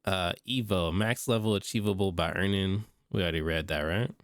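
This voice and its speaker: Stuffy male streamer with a deep, dry close-mic voice; reads text, then reacts in slang. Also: fairly quick, no echo. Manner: reads notes aloud, breaks off into slangy reactions. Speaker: streamer reading and reacting to game patch notes. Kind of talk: casual livestream commentary.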